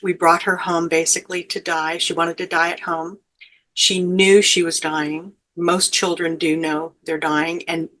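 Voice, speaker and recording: A middle-aged woman with a slightly low voice, speaking as an interview guest. She tells a heartfelt personal story in an earnest, emotional way, with gentle fillers between her thoughts. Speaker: guest, grief educator and life coach.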